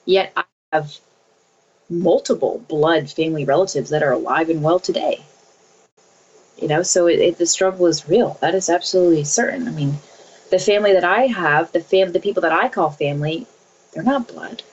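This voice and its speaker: Earnest woman, 30s, lowish voice, keeps repeating herself, muffled lo-fi audio. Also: moderate pace, slightly rough. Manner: earnest, repeats phrases, laughs often. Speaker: interview guest. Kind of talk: earnest faith-based interview answers.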